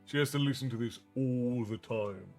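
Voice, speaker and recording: A man's voice: mid-range voice, moderate pace, soft background music. A man reading a story aloud on a livestream, theatrical and dramatized, chatting between passages. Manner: animated, theatrical.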